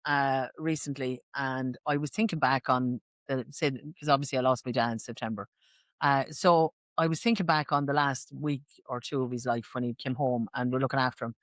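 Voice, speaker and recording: A woman's voice: low voice, fairly bright tone, no room sound. Chatty Irish woman, laughs a lot. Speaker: podcast co-host. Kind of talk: casual chat.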